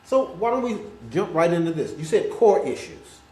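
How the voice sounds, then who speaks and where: A male interview host whose pitch swings widely as he asks short, prompting questions. His voice rings in an echoey room over a faint hum of ambience. He comes across as sitting some way from the mic. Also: very animated, normal speed, darkish tone. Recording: roomy echo, faint ambience.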